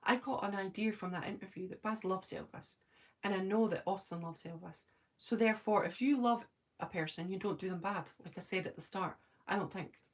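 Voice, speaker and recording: A woman in her forties with a Scottish accent, casually chatting on a live stream and answering viewers' comments, talking fast when excited and filling pauses with ums. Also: mid-range voice. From Scotland. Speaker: live-stream host reading chat.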